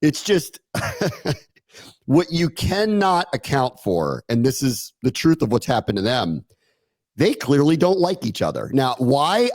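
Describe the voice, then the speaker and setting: A man co-hosting a sports podcast, animated and sarcastic, laughing often in casual talk. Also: fairly high pitch, no echo. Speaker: podcast co-host.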